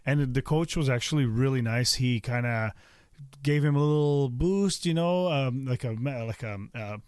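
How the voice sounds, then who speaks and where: A middle-aged man at a mid pitch, hosting a podcast in a relaxed, unhurried way. He pauses with "uh" and "like" while gathering his thoughts. The mic sound is dry and close. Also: clear, resonant tone, no echo. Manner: relaxed, hesitant, many "uh" and "like". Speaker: podcast host. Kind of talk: casual podcast conversation.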